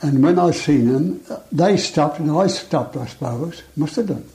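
Older man, plain and halting. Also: fairly high pitch, dark tone, low-quality recording. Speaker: war veteran interviewee. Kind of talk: recalled memories, interview.

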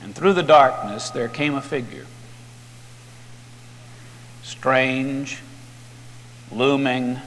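A man's voice: medium pitch, a bit bright, long reverb tail. A man preaching, retelling a story in a dramatic, vivid way.

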